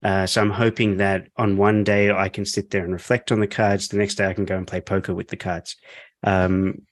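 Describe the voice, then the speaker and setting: A man's voice: low-pitched, little pitch movement, a little fast, no room sound. A man hosting a podcast interview, chatty and joking with lots of fillers. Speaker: podcast host. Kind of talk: casual interview chat. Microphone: podcast microphone.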